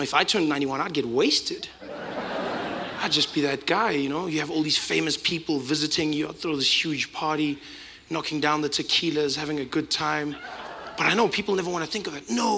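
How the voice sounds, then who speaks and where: A male stand-up comedian with a high, bright voice tells an animated story and acts out the scenes as he goes. He laughs through his lines, and a faint hiss runs underneath. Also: fairly quick, vocal fry.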